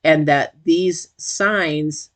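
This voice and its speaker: A tarot reader giving a casual intuitive reading straight to viewers, chatty and emotional, with sudden high exclamations. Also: extremely slow.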